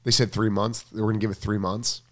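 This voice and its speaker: A man's voice: lowish voice, flat delivery, fast talker. A man co-hosting a casual talk show, telling stories with emphatic repetition. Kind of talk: casual chat.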